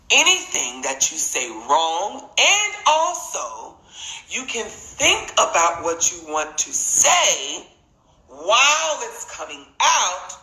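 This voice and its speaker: A man talking on a phone live stream in a casual monologue, earnest and halting, repeating his points deliberately. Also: high voice, creaky, bright, forceful tone. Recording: roomy echo.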